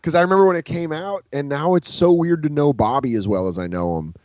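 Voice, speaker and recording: Fast-talking and fairly high-voiced, this male comedian guest rambles through stories in relaxed interview conversation, cursing freely and animatedly acting out others' words. The video call recording is dull and lo-fi, with no echo.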